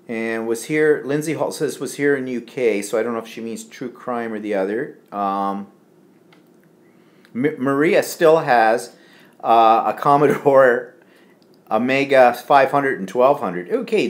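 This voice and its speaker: A man's voice: mid-range voice, animated, slow, long pauses. A man co-hosting a live home stream, chatting casually and reading out viewer comments with lots of fillers. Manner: rambling, chatty, filler-heavy. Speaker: co-host of a live stream show. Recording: echoey room.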